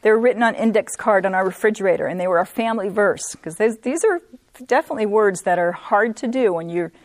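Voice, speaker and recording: A woman teaching a women's Bible study, earnest, repeating points for emphasis and reading scripture slowly. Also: medium pitch, lively intonation, dry recording.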